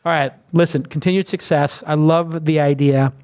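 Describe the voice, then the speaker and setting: A chatty man with a fairly high voice hosts a podcast interview. He tells stories with a self-mocking, casual flow, talking freely and at length. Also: fairly even intonation, moderate pace, a little mellow, clean tone. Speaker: podcast host.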